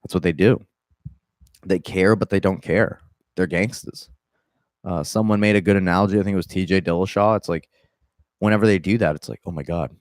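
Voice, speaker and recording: A young man with a Southern accent talks casually about fighting news, in loose, profane bursts full of restarts and asides. His voice sits low, and the recording is dry and close. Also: fairly even intonation, a little fast, pauses often, no room sound. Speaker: MMA podcast host. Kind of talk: casual commentary.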